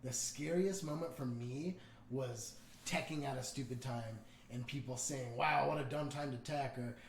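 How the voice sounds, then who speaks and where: A man's voice: mid-range voice, moderate pace. A man co-hosting a podcast in laid-back, casual chat, often chiming in with short reactions. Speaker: podcast co-host. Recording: echoey room with crowd noise behind.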